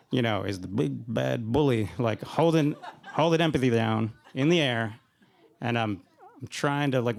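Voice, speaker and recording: Man, gravelly voice, live storytelling, rambling, self-deprecating humor, laughing through lines. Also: medium pitch. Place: stage at a live event.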